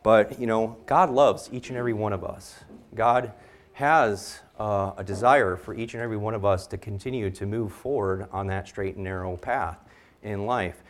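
A man speaking at a church gathering, telling a story in a rambling way with many fillers and excited rises before turning to scripture. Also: on the low side, moderate pace.

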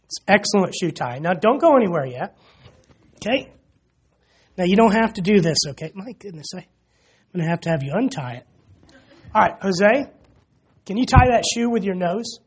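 Husky-voiced man preaching conversationally. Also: high voice, big pitch swings, normal speed, pauses often. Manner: conversational, jokes with the congregation, frequent "you know". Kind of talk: sermon. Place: church.

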